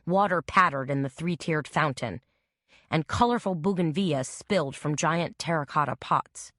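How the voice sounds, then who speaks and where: Woman reading an audiobook, low voice, steady, dry close mic. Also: moderate pace, no room sound. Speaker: narrator. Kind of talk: audiobook narration.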